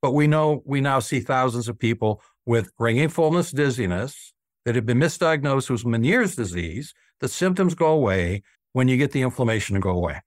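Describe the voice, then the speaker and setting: A man's voice: mid-range voice, lively intonation, moderate pace, dry recording. Earnest older male surgeon, dry sound. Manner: earnest, acts out patient quotes. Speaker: oral surgeon guest. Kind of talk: storytelling interview talk.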